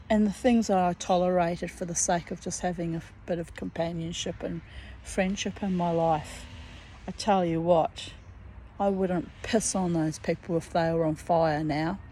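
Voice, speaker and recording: A woman's voice: on the low side, fairly even intonation, normal speed, mellow, slight background noise, poor audio. A woman in her fifties from New Zealand, talking to camera in a blunt, chatty, rambling way, with the odd swear word. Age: 50s. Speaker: vlogger. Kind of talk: casual rambling monologue. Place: garden outdoors.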